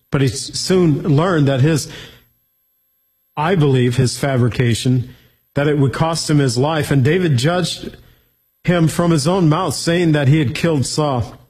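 Husky-voiced man teaching the Bible. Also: fairly high pitch, a little mellow, rough recording. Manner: reads scripture aloud, then explains it plainly.

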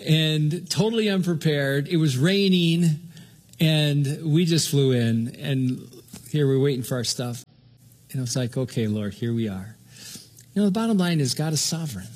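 A man's voice: a little high, darkish tone, breathy edge. An older man from Southern California preaching a sermon as pastor, in an earnest, conversational way that often stops and restarts mid-sentence.

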